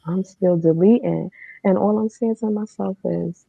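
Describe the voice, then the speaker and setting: A woman's voice: mid-range voice, measured pace, gravelly, no room sound. A woman telling her own story as a guest, in a candid, matter-of-fact way with casual fillers. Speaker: podcast guest. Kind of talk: personal storytelling. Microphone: remote streaming setup. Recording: dull lo-fi online stream.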